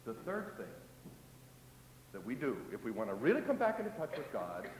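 A man preaching a sermon, swinging between loud emphasis and hushed asides, and acting out the voices of doubters and psalm prayers. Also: medium pitch, huge pitch swings, moderate pace, roomy sound, long reverb tail, a little hiss or hum, rough recording.

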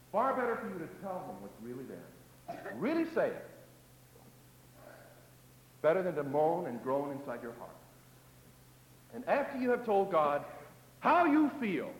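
A man preaches a sermon in a high, lively voice, swelling to loud emphasis and sinking into hushed asides. He acts out the voices of doubters and the prayers of the psalms. A long echo from a large hall surrounds his words.

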